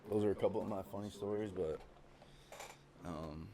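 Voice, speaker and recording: A man's voice: sits low, moderate pace, noisy background. A young man talking as a podcast guest, telling stories in a rambling way with lots of swearing and fillers. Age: young adult. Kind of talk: casual chat.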